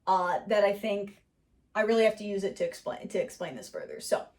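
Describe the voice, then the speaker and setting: A woman teaching sketch comedy writing in a casual, animated way, laughing often and acting out quoted lines. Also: medium pitch, brisk. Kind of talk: casual explainer lesson.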